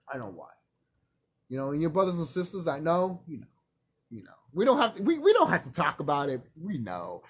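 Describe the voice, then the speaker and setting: A man vlogging in a rambling, profane casual monologue, animated and laughing often. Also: fairly high pitch, slightly rough.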